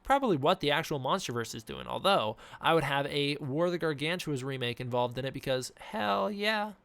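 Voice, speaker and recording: A man's voice: medium pitch, brisk, fairly bright tone, no room sound. A young man chatting casually on a live stream from home, reading viewer questions with a desk mic. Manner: casual, reads chat questions, frequent fillers. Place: indoors at home. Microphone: desk mic with face cam.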